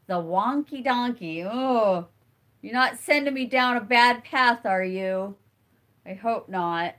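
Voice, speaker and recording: A woman's voice: medium pitch, fairly bright tone. A middle-aged woman with a stuffy nose hosts a casual live stream, chatting and answering viewer comments as they come in. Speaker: homesteading channel host.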